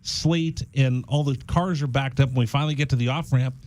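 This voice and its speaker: A man hosting a casual radio talk show, telling a story in an animated way in a studio. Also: medium pitch, fairly quick, dry recording. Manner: animated storyteller, acts out quoted voices.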